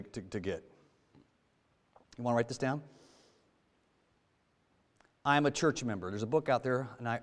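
Man preaching in a reverberant church. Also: mid-range voice. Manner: conversational, rhetorical questions, swings from loud to hushed. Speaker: lay preacher. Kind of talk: sermon.

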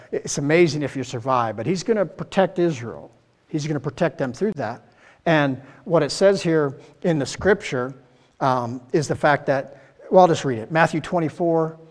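Conversational preacher in a reverberant hall. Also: male voice, a little high, moderate pace. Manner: conversational, asks the listeners questions. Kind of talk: Bible teaching sermon.

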